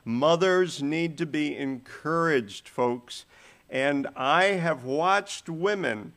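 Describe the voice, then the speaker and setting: A man's voice: medium pitch, gravelly, a bit bright. A man preaching a sermon, telling stories with shifting volume and pace.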